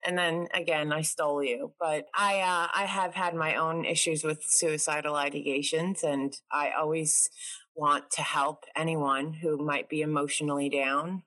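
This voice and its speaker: A woman's voice: low-pitched, steady tone, unhurried, fairly bright tone, poor audio. A woman from New York hosting a casual video call chat, bubbly and chatty, laughing often. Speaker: host.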